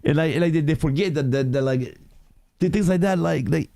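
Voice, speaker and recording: A man's voice: on the high side, a little fast, gravelly, no echo. A man co-hosting a casual podcast discussion, ranting in a rambling, profane way with plenty of fillers. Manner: profane, rambling, animated rant with lots of fillers. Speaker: podcast co-host.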